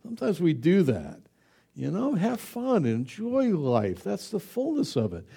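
A middle-aged male pastor preaching a conversational sermon, exuberant and animated, with chatty asides to the congregation. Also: high voice, unhurried, vocal fry, husky.

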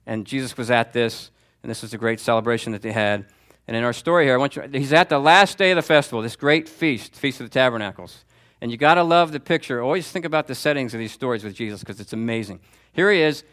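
A man's voice: mid-range voice, fast talker, fairly bright tone. A man preaching a sermon as pastor, in a conversational, emphatic style that repeats key phrases.

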